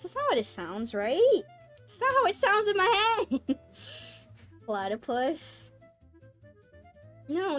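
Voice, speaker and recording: A woman livestreamer chatting casually, giggly, swearing now and then and stumbling over her words. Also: on the high side. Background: faint game music.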